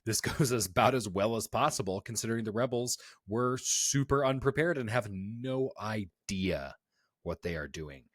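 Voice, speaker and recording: A man's voice: fairly low pitch, moderate pace, no room sound, clean studio sound. A man co-hosting a TV review podcast in casual chat, telling stories animatedly and acting out quotes. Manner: animated storytelling, acts out quotes. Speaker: podcast co-host.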